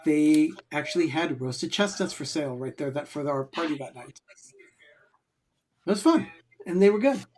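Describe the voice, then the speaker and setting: A man's voice: a little high, lively intonation, moderate pace, pauses often, a little mellow, a little hiss or hum. A man co-hosting a casual watch party, easygoing and matter-of-fact. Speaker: co-host.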